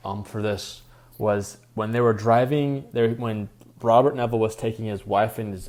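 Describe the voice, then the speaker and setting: A man's voice: lowish voice, darkish tone. A young man co-hosting a podcast, chatting enthusiastically about a movie with hesitant restarts. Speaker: podcast co-host. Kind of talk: casual chat about a movie.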